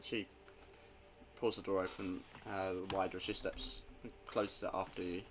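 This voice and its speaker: A man's voice: deep voice, little pitch movement, moderate pace, background noise. A man narrating as game master of a tabletop role-play, hesitant and full of fillers.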